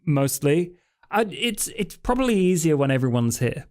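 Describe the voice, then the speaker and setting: A man's voice: fairly high pitch, big pitch swings, moderate pace, a little mellow. A man playing a nervous, jokey young man newly turned vampire, stammering and swearing as he talks in a tabletop role-play. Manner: stammering, hesitant, crude humour.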